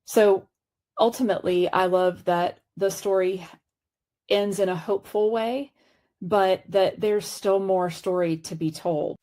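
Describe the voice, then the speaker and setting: A woman's voice: mid-range voice, steady tone, a little slow, warm tone. A woman speaking thoughtfully as a podcast guest.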